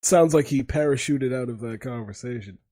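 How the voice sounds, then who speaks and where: A man co-hosting a podcast, tossing in quick quips and laughing often. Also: medium pitch, a crowd in the background. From Massachusetts. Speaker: podcast co-host. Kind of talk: casual comedic chat.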